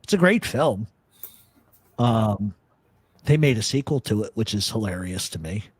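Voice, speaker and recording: A man's voice: on the low side, unhurried, breathy edge, no echo. A man hosting a casual talk show, rambling and swearing as he chats about old films. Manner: profane, rambling, animated storyteller. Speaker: podcast host. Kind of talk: casual chat.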